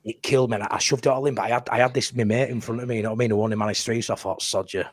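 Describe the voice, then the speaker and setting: A man's voice: medium pitch, fairly even intonation, racing. Broad Yorkshire man spinning a yarn. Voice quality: broad, blunt, swears freely. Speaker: podcast co-host. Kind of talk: casual storytelling.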